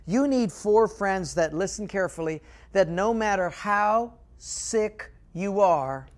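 A man preaching a sermon as pastor, telling stories with animation and dropping to quiet emphasis. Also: high voice, lively intonation, slow.

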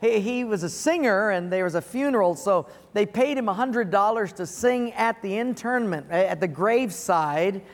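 In a large auditorium, a pastor preaches to his congregation, telling an earnest story before drawing a lesson from it and chuckling at his own punchline. His voice is high-pitched, his pace normal, and he pauses little, with the big hall audible around him.

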